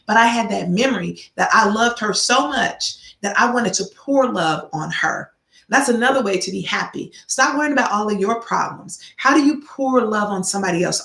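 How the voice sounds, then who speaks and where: Woman vlog host, middle-aged, gravelly, sermon-like storyteller, roomy sound. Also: mid-range voice, a bit bright. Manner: preachy, storytelling, repeats key phrases for emphasis. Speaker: vlog host giving life advice. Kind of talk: casual motivational talk to viewers. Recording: roomy echo.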